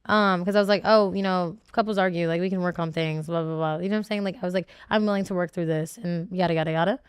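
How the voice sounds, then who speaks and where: A woman's voice: lowish voice, steady tone, quick pace, clear, resonant tone, dry recording. A woman, a reality show contestant, talking candidly in a podcast interview, emotional and rambling with many fillers and restarts.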